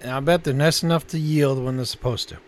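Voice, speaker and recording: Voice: medium pitch, steady tone, fast talker. A co-host in a casual chat, chiming in with short quips and questions.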